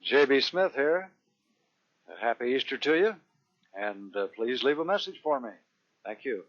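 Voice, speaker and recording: A man's voice: medium pitch, lively intonation, normal speed, a bit bright. A man recording a plain, polite, slightly hesitant answering machine greeting. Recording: dull lo-fi answering machine tape.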